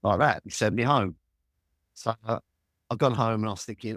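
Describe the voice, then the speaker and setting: A London man in his sixties telling lively stories as a guest in an interview, swearing freely. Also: lowish voice, moderate pace, dry recording, clean studio sound. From Walthamstow, London.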